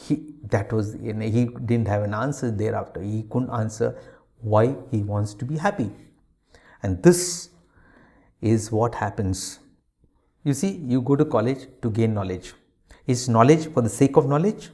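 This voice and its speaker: A man's voice: medium pitch, a little mellow. A man, a monk and spiritual teacher, giving a spiritual talk that he builds from rhetorical questions, each answered with a firm no, with frequent hesitant fillers and restarts.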